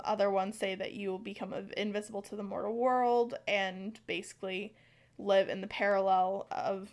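American woman, podcast co-host, casual, talky, filler-prone. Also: mid-range voice. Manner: chatty, filler-heavy, reads folklore aloud with stumbles.

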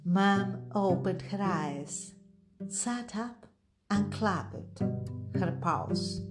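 A woman reads a children's picture book aloud at a very slow, lingering pace. Her voice rises and falls in a lively, sing-song way. Gentle music plays behind her. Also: medium pitch. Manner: expressive, lingering on words. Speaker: storybook reader. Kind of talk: children's story read-aloud. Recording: music playing underneath.

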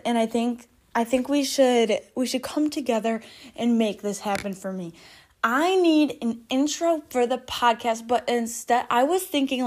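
A young woman with a high, bright-sounding voice rambles through a casual solo podcast, giggling and swearing freely. The sound is close and dry, with no room around it. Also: no echo. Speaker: podcast host. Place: parked car.

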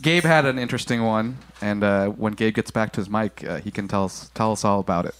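A man hosting a podcast in casual chat, joking and talking in quick loose bursts. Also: lowish voice, fairly bright tone. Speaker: podcast host.

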